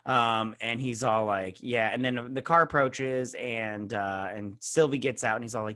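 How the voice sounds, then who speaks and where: A man's voice: medium pitch, expressive, normal speed, few pauses, a bit bright. A young man hosting a show, recapping and reviewing an episode in a rambling, snarky way, full of fillers and mocking quotes. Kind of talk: casual spoken recap and review.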